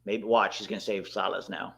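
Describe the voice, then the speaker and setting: A man hosting a live watchalong, reacting excitedly to the match and chatting to his viewers. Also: on the low side, fairly quick, gravelly. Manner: excitable, bursts out at big moments, talks to chat. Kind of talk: live match commentary and chat.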